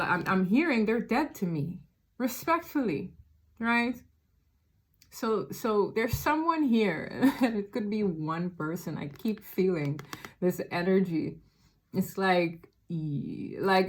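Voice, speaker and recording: A woman giving a casual tarot reading straight to her viewers, chatty and rambling, often laughing and restarting her sentences. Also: lowish voice. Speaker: tarot reader.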